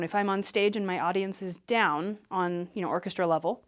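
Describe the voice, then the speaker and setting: A woman Alexander Technique teacher who explains and demonstrates movement for public speaking in a clear, patient way. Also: medium pitch, fairly even intonation, moderate pace.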